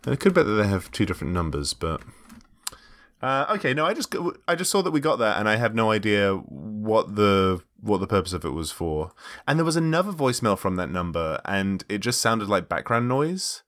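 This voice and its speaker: A man's voice: fairly low pitch, sing-song, fairly quick, fairly bright tone. A man hosting a podcast in casual chat, rambling with fillers and laughing as he goes. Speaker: podcast host.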